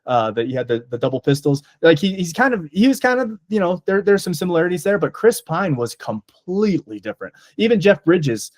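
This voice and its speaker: A man chats through a movie review with eager, rambling enthusiasm, leaning on fillers as he goes. His voice sits a little on the high side. The sound is dry and close, with no room around it. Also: sing-song, a little fast, few pauses, a little mellow, no room sound. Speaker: podcast co-host. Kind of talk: casual movie review chat.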